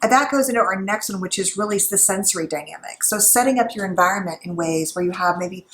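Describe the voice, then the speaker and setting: A middle-aged woman psychologist giving casual, gently instructive advice while cooking at home, with a conversational manner. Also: medium pitch, fast, echoey room, a little hiss or hum, rough recording. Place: home kitchen.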